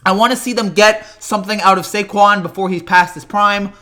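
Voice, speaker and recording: A young man hosting a casual live reaction stream, rambling and excitable, whose voice cracks often. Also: sits high, fairly quick. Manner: rambling, excitable, repeats himself.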